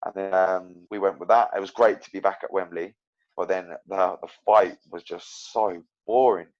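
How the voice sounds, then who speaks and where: This guest, a young man who fights professionally, speaks in a low voice at normal speed. His casual interview chat is rambling and animated, packed with fillers and restarts, over dull lo-fi podcast sound.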